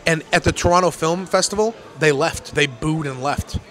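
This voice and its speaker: A man hosting a casual comedy podcast, swearing freely and talking in quick, animated asides. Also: on the high side. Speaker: podcast host.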